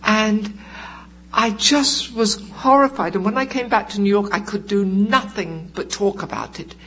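An older woman telling her recovery story at a meeting, in vivid, deliberate storytelling with acted-out quotes. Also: mid-range voice, a bit bright, slightly rough, low-quality recording. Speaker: recovering alcoholic sharing at a meeting. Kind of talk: personal testimony.

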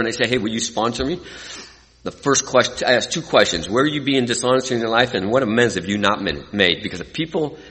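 A middle-aged man from California giving an earnest, emotional personal testimony to an audience as a recovery speaker. He swings from hushed to lively. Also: mid-range voice. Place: hall with a live audience. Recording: long hall reverb.

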